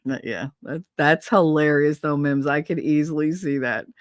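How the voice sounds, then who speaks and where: A woman's voice: low-pitched, moderate pace, dry recording, clean studio sound. A woman hosting a live stream in casual chat, telling profane stories and laughing often. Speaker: streamer host.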